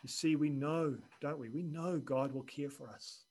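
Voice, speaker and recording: A man preaching a sermon in an earnest, measured way, dropping quiet and then rising for emphasis. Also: on the high side, steady tone, low-quality recording. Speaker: pastor.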